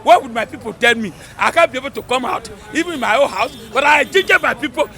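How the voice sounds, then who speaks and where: Fervent high-voiced Nigerian man outdoors. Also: lively intonation, fast. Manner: fervent, loud, rambling and emphatic. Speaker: interviewee. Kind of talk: excited street interview. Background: crowd noise.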